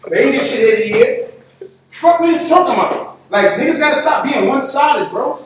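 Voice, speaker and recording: A man's voice: very high-pitched, animated, fairly quick. A fired-up man argues hard and cuts across everyone. His voice sounds far from the mic in a very echoey room with faint noise behind it. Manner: fired up, profane, talks over others. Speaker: podcast guest. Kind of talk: heated casual debate.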